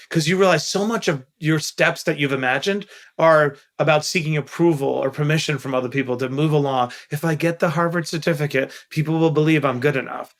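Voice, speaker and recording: Middle-aged New man, podcast guest, candid and earnest, gravelly voice with a bright, forceful edge. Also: on the high side. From Queens, New York. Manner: candid, earnest storyteller who stresses key points. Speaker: guest investor. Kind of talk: podcast interview storytelling.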